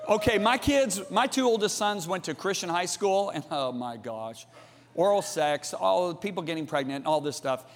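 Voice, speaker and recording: A middle-aged man preaching a sermon, emphatic and theatrical, jumping from shouts to hushed asides. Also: high-pitched, animated, moderate pace, big-room sound.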